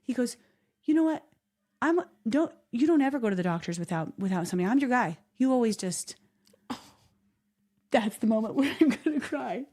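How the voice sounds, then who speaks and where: A woman's voice: a little high, expressive, brisk, dark tone. A woman co-hosting a podcast, chatting candidly and telling stories with laughter and animation. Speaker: podcast co-host. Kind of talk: casual podcast chat.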